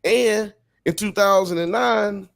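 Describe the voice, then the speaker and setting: A man co-hosting a casual live podcast, talking in animated, slangy style and firing off rhetorical questions. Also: high voice, slow pace, gravelly, no echo, studio quality. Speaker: podcast co-host. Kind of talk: casual chat on a live stream.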